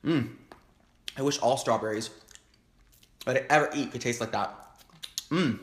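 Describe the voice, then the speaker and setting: A young man hosting an eating show, chatting casually and excitedly between bites with lots of happy humming. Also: mid-range voice, unhurried, pauses often, roomy sound. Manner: chatty, excitable, frequent hums of enjoyment. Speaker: mukbang host. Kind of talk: casual chat while eating. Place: home, indoors.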